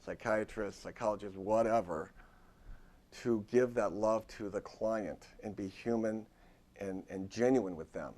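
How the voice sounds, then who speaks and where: A man's voice: on the low side, darkish tone. A man who is a therapist gives an informal workshop talk in a university lecture room. He speaks conversationally and often restarts his sentences.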